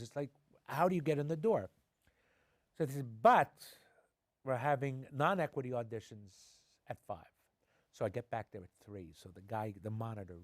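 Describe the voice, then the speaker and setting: A middle-aged man, an actor and a guest in a TV studio interview, telling his stories with energy. His voice sits at an ordinary pitch. The sound is dry and close. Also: no room sound. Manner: animated anecdotes, acting out quoted voices. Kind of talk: conversational storytelling. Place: television studio.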